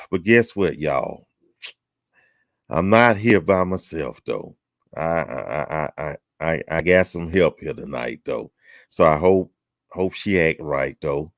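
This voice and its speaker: A very deep-voiced man hosts a relaxed chat show, greeting people with folksy teasing. His voice swings up and down a lot, and the sound is dry and close. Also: no echo. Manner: folksy, teasing, drawling southern talk. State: out of breath. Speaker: host. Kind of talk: casual chat show welcome.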